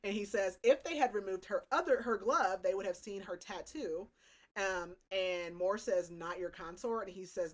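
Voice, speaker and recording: A young woman co-hosting a podcast, recapping a novel in casual chat, animated and filling her talk with "like" and "um". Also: medium pitch, moderate pace. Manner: animated, full of "like" and "um". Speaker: podcast co-host.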